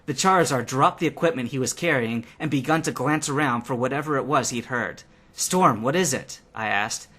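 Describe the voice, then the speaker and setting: A man giving a lively, expressive first-person reading of a fan fiction adventure. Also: mid-range voice, brisk.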